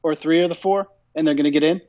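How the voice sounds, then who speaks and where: Sports podcast co-host, male, high voice, emphatic and repetitive, lo-fi dry sound. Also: fairly even intonation, fast, a little mellow, no room sound. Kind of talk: casual sports chat.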